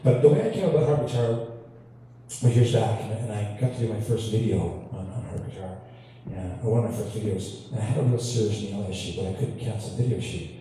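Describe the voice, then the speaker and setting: A man's voice: fairly low pitch, fairly quick, mellow, a little hiss or hum. A man from Canada telling chatty, self-deprecating stories between songs to an audience in a hall, laughing along as he goes. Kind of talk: on-stage storytelling banter. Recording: echoey hall, distant mic, faint ambience.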